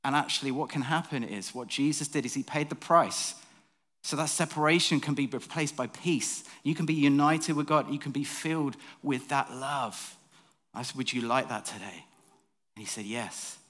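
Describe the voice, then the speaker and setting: A man's voice: a little high, normal speed, a bit bright. A man, preaching in a church and telling a story in a chatty, self-mocking way. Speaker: pastor. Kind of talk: sermon storytelling.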